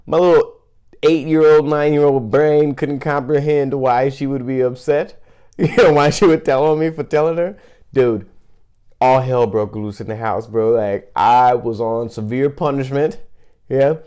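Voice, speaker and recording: A man's voice: medium pitch, measured pace, a little mellow, clear, resonant tone. A man in his thirties, a podcast host telling a childhood story in a casual, rambling, chatty way. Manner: rambling, chatty, full of fillers.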